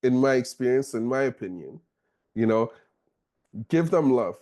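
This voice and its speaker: A man's voice: mid-range voice, animated, normal speed, a little mellow. A middle-aged man hosting a podcast discussion, talking casually and often checking in with "okay?" and "you know" between points. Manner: conversational, frequent "okay?" and "you know", chuckles. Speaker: podcast host.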